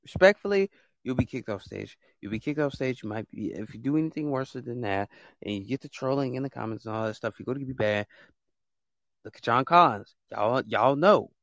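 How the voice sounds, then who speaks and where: A podcast host scolds his listeners in a heated, repetitive monologue. His voice sits at an ordinary pitch. The sound is dry and close, with no room echo. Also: animated, brisk, a bit bright. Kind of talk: ranting monologue.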